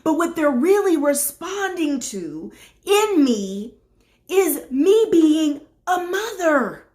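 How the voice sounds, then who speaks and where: A woman's voice: high voice, big pitch swings, takes it slowly, a little mellow. A middle-aged woman life coach giving a motivational talk straight to her viewers, emphatic and repetitive like a preacher.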